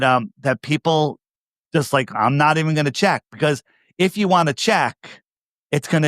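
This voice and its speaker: A man's voice: fairly high pitch, fairly bright tone, no echo, clean studio sound. A man with a New York area accent, talking as a guest on a video call, pressing his points with emphatic rhetorical questions. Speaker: podcast guest. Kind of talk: casual conversation.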